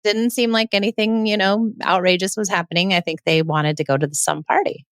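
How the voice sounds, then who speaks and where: A woman in her forties hosts a parenting show, telling a family story in a loose, chatty way and acting out the quoted dialogue as she goes. Her voice sits at a middling pitch, and the recording is dry and close, with no room sound around it. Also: steady tone, fairly quick, smooth, dry recording. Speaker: parenting podcast host. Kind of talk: casual storytelling monologue.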